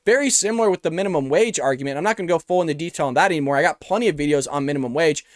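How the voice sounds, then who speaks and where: A man's voice: on the high side, rapid-fire, no echo. A man hosting a reaction show, giving opinionated commentary and calling his viewers folks, close to his microphone. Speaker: show host. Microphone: close studio microphone.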